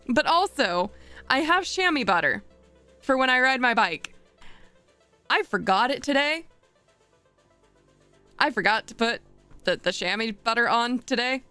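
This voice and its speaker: Bright, lively-voiced woman streamer. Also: high voice, normal speed, smooth, no room sound, soft background music. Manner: rambling, chatty, laughs often, thinks aloud while working. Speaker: VTuber streamer. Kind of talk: casual live-stream chat.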